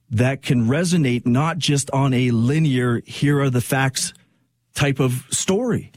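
A male radio host talks into a studio microphone in a dry, close sound. His voice is slightly husky, and he speaks earnestly and reflectively, often circling back with fillers. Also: mid-range voice, darkish tone, no echo. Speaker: radio talk show host. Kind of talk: personal radio monologue.

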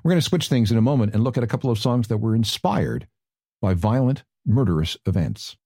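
A man's voice: fairly low pitch, lively intonation, fairly quick, warm tone. A man hosting a radio talk segment, telling stories with wry asides. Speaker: radio host.

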